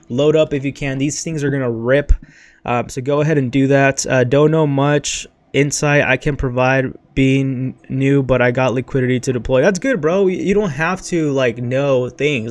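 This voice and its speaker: Streaming casually from his bedroom, this young crypto host is wired, slightly out of breath, and all over the place. He speaks at a medium pitch and leans heavily on "dude," "bro," and "freaking."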